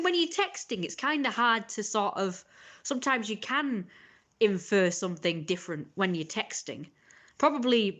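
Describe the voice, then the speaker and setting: Indignant and sarcastic, a woman rants to her stream at mid pitch. She rambles, laughs at her own jokes, and coughs now and then. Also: a bit bright. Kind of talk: casual ranting monologue.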